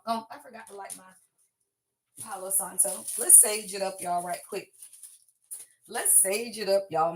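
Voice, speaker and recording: A woman with a fairly high voice hosts a spiritual livestream in a loose, conversational way. She is emphatic and blunt, swears casually, and checks in with her viewers constantly through "y'all" and "right?". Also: fairly bright tone. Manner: blunt and salty, with casual cursing. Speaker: spiritual reader and livestream host.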